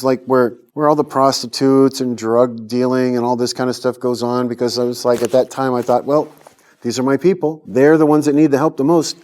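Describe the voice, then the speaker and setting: A middle-aged man from the United States tells his life story as an interview guest, earnest and animated. His voice sits at an ordinary middle pitch. He slips into the voices of the people he quotes.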